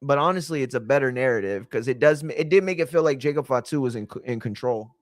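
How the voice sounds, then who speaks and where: A man's voice: medium pitch, animated, fast, dry recording, clean studio sound. A young man casually reacting to wrestling in a slangy, profane, blunt way.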